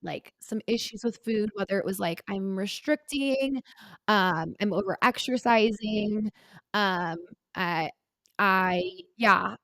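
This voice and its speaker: A woman in her twenties, a podcast co-host, talking candidly about her past in a halting, earnest way with many filler words. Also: mid-range voice, a bit bright, no echo. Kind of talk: candid personal conversation.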